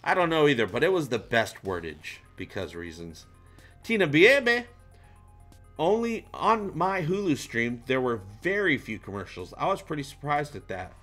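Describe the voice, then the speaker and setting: A man hosting a casual fan livestream, reading viewer comments aloud and joking in an animated, playful way. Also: fairly high pitch, moderate pace, faint music behind. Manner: animated, jokey, shout-outs to viewers. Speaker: livestream host.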